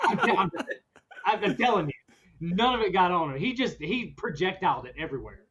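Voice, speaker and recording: A man hosting a podcast, telling a story in a casual chat, animated and often laughing as he goes. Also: high voice, brisk. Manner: animated, laughs through his own story. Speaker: podcast host. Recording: dull lo-fi recording.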